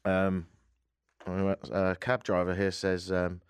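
Lively jokey male radio host. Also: deep voice, normal speed, no echo, studio quality. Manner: jokey, puts on silly voices for bits. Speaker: radio talk show host. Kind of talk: casual radio chat. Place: radio studio.

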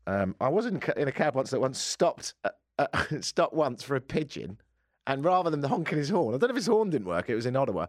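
A man's voice: on the high side, sing-song, fast talker, no room sound, studio quality. A man hosting a casual radio talk show, joking and slipping into silly voices for bits. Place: radio studio.

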